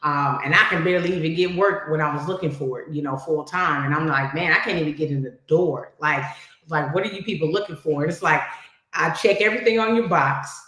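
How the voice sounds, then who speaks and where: A woman's voice: low voice, a little fast, a bit bright. A woman talking as a podcast guest in casual chat, conversational and reflective, often saying "you know". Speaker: podcast guest, cybersecurity professional. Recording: very echoey room.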